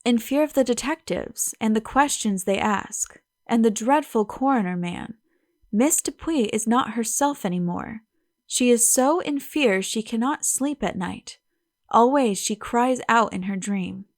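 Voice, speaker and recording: Audiobook figure: frightened young French maid, read by a woman, halting, a touch high. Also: lively intonation, no room sound, clean studio sound.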